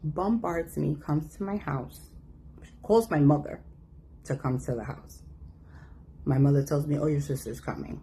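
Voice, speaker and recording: A woman telling a personal story in a casual, animated way, acting out the voices of the people in it. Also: deep voice, unhurried, long pauses, a little hiss or hum. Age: adult. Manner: animated, acts out quoted voices.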